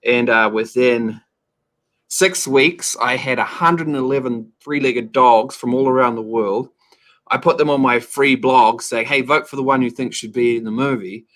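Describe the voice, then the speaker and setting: A man's voice: medium pitch, normal speed, fairly bright tone. Upbeat New Zealand man telling stories. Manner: upbeat, joking, storytelling. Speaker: guest. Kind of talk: casual interview chat.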